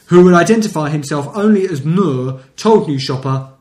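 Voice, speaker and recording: A man co-hosting a podcast reads out local news stories, laughing often in a casual comic chat. His voice is on the high side with a darkish tone and lively intonation, at normal speed, in a roomy echo.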